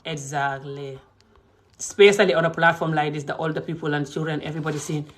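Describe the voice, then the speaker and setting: A woman with a Gambian English accent giving a heated, indignant vlog rant that swings between shouting and low muttering. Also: fairly even intonation, a little fast. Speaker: vlogger. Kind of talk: heated ranting monologue.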